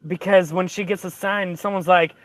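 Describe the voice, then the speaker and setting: A man rambles through a movie plot in casual conversation. His voice sits somewhat high for a man and sounds dry and close to the mic. He keeps tripping over fillers and restarting sentences. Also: fairly even intonation, moderate pace, no room sound. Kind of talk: casual chat, retelling a movie.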